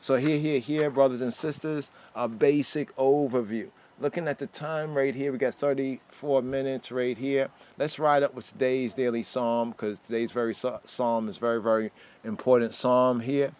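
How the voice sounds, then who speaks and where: A man's voice: medium pitch, fairly even intonation, normal speed, hardly any pauses, a little mellow. A man expounds scripture verse by verse in a mid-range voice, mixing in Hebrew terms. He keeps checking in with his listeners. The stream audio is a little dull and lo-fi. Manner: expounding verse by verse, sprinkling in Hebrew words and asking "right?". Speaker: Rastafari scripture teacher. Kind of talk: livestreamed scripture teaching.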